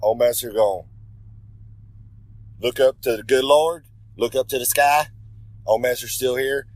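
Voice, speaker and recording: A man's voice: medium pitch, fairly even intonation, a little slow, no room sound, rough recording. A man delivering a rambling, swaggering wrestling promo, talking about himself in the third person. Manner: rambling, with self-corrections. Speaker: pro wrestler giving a regular segment.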